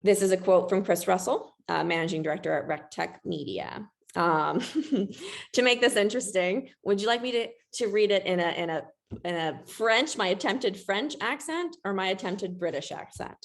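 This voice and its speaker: A woman's voice: medium pitch, moderate pace, gravelly. A woman presenting a webinar in a chatty, self-deprecating way, with a ready laugh.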